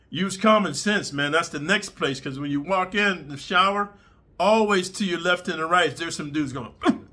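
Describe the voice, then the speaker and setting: A man hosting his channel, telling crude prison stories in a blunt, streetwise, animated way full of slang. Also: fairly high pitch. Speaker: channel host. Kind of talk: crude prison storytelling monologue.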